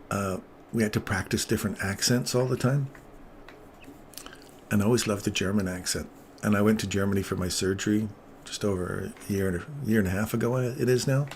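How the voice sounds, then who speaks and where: A man's voice: on the low side, a little mellow, slight background noise. A middle-aged man hosting a live trading stream, talking casually and wandering off on tangents. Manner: casual, rambling, easily sidetracked. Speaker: trading channel host.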